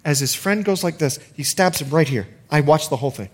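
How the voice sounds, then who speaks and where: A middle-aged male pastor delivering a sermon in a fairly high, very lively voice. He tells stories animatedly, laughs at himself, and sinks to a hushed tone when he prays. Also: brisk. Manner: animated storytelling, laughs at himself, drops to quiet prayer. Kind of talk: sermon with personal story and prayer.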